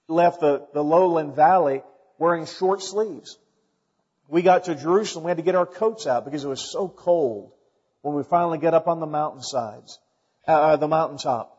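A man's voice: fairly high pitch, darkish tone, husky. A middle-aged man preaching a sermon, earnest and emphatic, reading scripture aloud. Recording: dull lo-fi recording in a reverberant hall.

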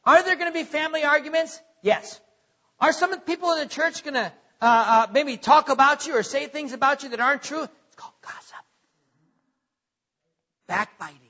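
A male pastor preaching a sermon, animated, firing off rhetorical questions and chuckling at his own jokes. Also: very high-pitched, normal speed, highs cut off.

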